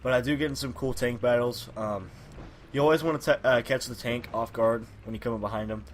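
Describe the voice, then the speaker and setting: A man giving casual gameplay commentary while he has a cold, his voice a little raspy, rambling with many fillers and corrections. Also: medium pitch, brisk, a little hiss or hum. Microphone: personal microphone.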